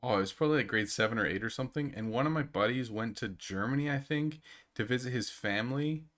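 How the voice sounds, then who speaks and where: A man's voice: medium pitch, fast talker, fairly bright tone. A young man chatting casually to his live-stream viewers at a desk mic, rambling and laughing at himself. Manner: laughing, rambling, self-deprecating. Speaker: game streamer.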